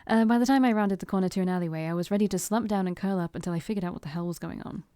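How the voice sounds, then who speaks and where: Mellow-voiced woman reading a game aloud. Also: on the low side, rapid-fire, no room sound, clean studio sound. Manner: casual, chatty asides. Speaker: let's play host. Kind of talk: reading a visual novel aloud with chat.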